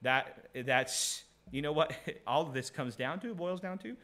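Pastor, male, somewhat high-pitched, earnest sermon delivery, repeats key lines. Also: unhurried, bright, forceful tone. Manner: earnest, repeats key phrases, reads scripture aloud; frequent laughs and restarts.

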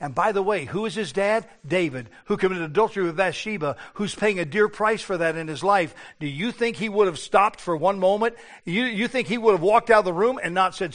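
Male preacher, high-pitched, fervent sermon delivery with dramatic hushes. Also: a little fast, hardly any pauses. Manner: impassioned, shifting between hushed and loud, acts out biblical voices.

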